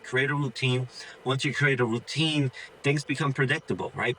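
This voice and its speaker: A man's voice: medium pitch, pushed and bright, slight background noise, low-quality recording. A man, a dog trainer, giving casual tips straight to the viewer, loose and chatty, often voicing what a dog would think. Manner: informal, says "dude" and "like" a lot, acts out the dog's thoughts. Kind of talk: casual instructional talk to camera.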